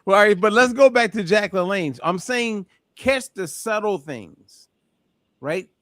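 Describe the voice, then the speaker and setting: A man hosting a group call, telling an animated story and acting out the voices of people in it. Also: high voice, unhurried, dry recording, studio quality. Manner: animated, acts out voices in anecdotes. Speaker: host. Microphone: call audio.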